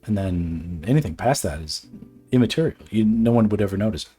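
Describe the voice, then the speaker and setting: A man's voice: on the low side, expressive, a little fast, warm tone, slightly rough, soft background music. A man who streams his illustration work, chatting casually and rambling while he draws, swearing often, laughing, and filling his talk with restarts and fillers. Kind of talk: casual chat while drawing.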